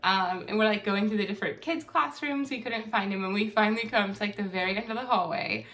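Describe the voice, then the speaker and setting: A woman's voice: medium pitch, quick pace, fairly bright tone. A young woman in her twenties telling a story in a casual, chatty way, giggling as she goes. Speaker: co-host of a couple's channel.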